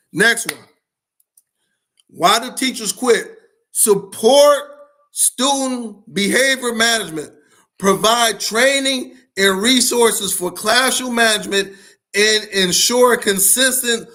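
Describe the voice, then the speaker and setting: A high, sharp-toned man, who hosts a podcast and speaks on school leadership, gives a live-streamed motivational talk. He preaches to his listeners with fiery repetition and plenty of slang.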